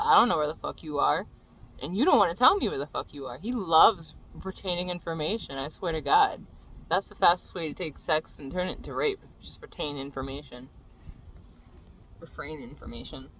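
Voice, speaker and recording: Bright-voiced ranting young vlogger. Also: mid-range voice, low-quality recording. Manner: profane, exasperated ranting that builds to shouting. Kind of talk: venting storytime monologue.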